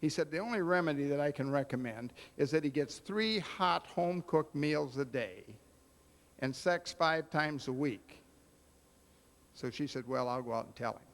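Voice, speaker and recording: A man emceeing a roast, telling long jokes and acting out the punchlines. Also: medium pitch. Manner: joke-telling storyteller with voiced punchlines.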